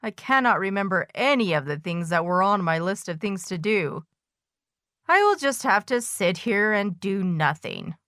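A woman voicing a fussy, anxious male toad in a children's storybook, pitching her voice up high. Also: expressive, moderate pace, fairly bright tone, no room sound, clean studio sound, natural voice. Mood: gloomy. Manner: raised pitch, cries out in panic.

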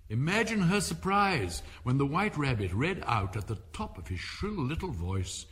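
A man reading a storybook aloud as narrator, telling it in an expressive, animated way. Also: medium pitch, normal speed.

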